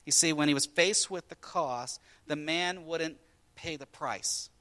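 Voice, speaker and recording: A male pastor preaching with animated storytelling, swinging from loud bursts to hushed asides. His voice sits fairly high and sounds bright and forceful. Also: unhurried. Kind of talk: sermon.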